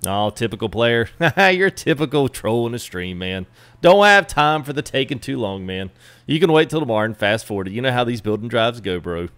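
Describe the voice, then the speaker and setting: A man's voice: mid-range voice, animated, a little fast, a bit bright, clean tone. A man chatting casually with live viewers while customizing a truck in a game, greeting them by name. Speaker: streamer. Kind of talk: live gameplay stream chat.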